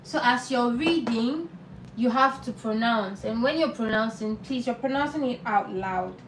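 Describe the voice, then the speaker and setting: Woman, language teacher, live lesson, slow patient delivery, raised pitch, roomy echo, off-mic, faint hum. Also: far from the mic. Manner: patient, repeats words slowly for learners.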